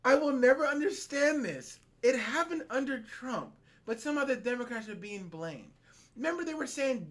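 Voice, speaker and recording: A man's voice: very high voice, lively intonation, normal speed. A man co-hosting a podcast, ranting in heated, profane, incredulous bursts during casual talk. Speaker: podcast co-host.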